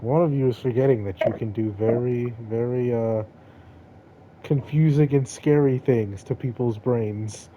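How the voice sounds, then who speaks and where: A man's voice: mid-range voice, a little slow, dull audio, a little hiss or hum. A man narrating as game master of a tabletop game, laughing now and then as he describes the action. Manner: laughs while narrating, relaxed.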